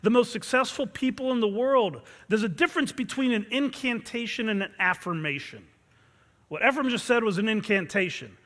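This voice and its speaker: A man's voice: high-pitched, lively intonation, moderate pace, fairly bright tone. A man, a martial arts instructor, giving an intense motivational pep talk to his students and leading them in call-and-response chants. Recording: long reverb from a large hall.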